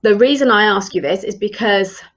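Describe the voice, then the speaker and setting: A woman's voice: mid-range voice, normal speed, fairly bright tone. Earnest woman coach, slightly dull audio. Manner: earnest, advising, with frequent ums and restarts. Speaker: leadership and career coach. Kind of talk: live-streamed coaching talk.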